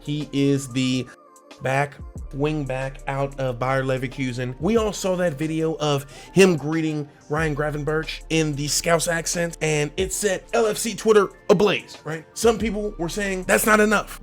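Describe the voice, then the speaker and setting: Man, sports channel host, casual transfer chat, slangy, animated, fairly high voice. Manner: animated, slangy, laughs often, addresses fans directly. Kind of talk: casual football transfer commentary.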